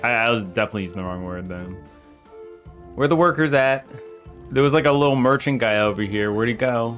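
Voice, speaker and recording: A man's voice: mid-range voice, a little fast, a bit bright, soft background music. A man streaming a game, joking and laughing often as he talks to chat and scolds his game characters. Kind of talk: casual gameplay commentary.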